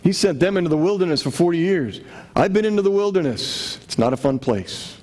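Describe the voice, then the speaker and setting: A man's voice: high voice, animated, fairly quick, a little mellow. A man preaching a sermon to his congregation in a conversational way, often asking rhetorical questions. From Connecticut. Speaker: pastor.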